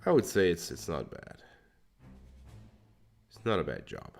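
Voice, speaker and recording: A man's voice: low voice, huge pitch swings, measured pace, gravelly, darkish tone, soft background music. A Hungarian man chatting casually on a live stream while painting, thinking aloud, muttering to himself and swearing now and then.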